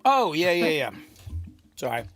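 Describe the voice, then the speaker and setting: A man's voice: a little high, sing-song, takes it slowly, fairly bright tone. A man, a music producer, chatting casually on a livestream from his recording studio, sometimes talking with his mouth full. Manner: talks with his mouth full, loose and rambling.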